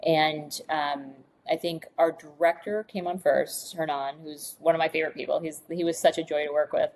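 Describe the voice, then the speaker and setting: A woman's voice: deep voice, steady tone, normal speed, darkish tone, rough recording. A woman from Michigan, a screenwriter guest, chatting on a podcast and telling stories with acted-out quotes. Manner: chatty storyteller who acts out quoted voices. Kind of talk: casual podcast interview.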